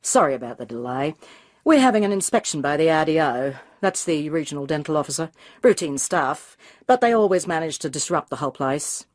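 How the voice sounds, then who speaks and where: A man's voice: on the high side, expressive, lightly acted. A woman reading aloud, voicing a fit, offhand male dentist of about forty with an Australian accent. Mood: brisk. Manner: brisk, offhand.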